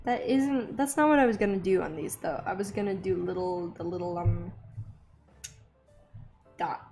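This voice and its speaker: A young woman hosting an art channel, chatting casually and excitedly while she draws, rambling with lots of little gasps. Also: on the low side, moderate pace, soft background music. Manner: bubbly, easily excited, rambling. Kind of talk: casual chat while drawing.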